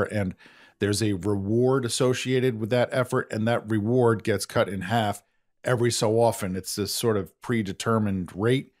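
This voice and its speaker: A man's voice: on the low side, darkish tone. A man hosting a podcast, explaining things in a chatty, self-deprecating way. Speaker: podcast host. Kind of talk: conversational podcast banter.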